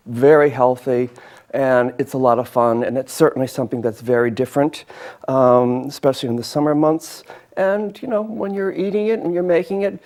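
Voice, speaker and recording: A man hosts a homey local cooking show. He talks in a chatty, enthusiastic way while demonstrating a dish, and keeps talking even while chewing. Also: medium pitch. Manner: chatty, enthusiastic, eats and talks with mouth full.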